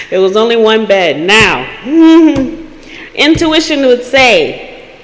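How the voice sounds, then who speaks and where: A woman hosting a storytelling podcast who acts out the dialogue in her story and swings between loud bursts and hushed asides. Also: a little high, in a large hall, a little hiss or hum. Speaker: podcast host.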